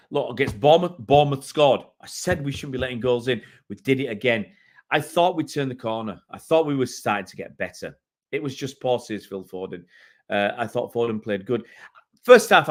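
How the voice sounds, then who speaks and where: A middle-aged man from England hosting a fan channel live stream, ranting in exasperation and repeating himself. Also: mid-range voice. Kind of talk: live-stream match reaction.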